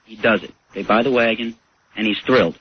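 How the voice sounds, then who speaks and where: A man calling in to a radio show and telling a long joke in a relaxed, storytelling way. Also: fairly low pitch, a little fast, highs cut off. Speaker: radio caller.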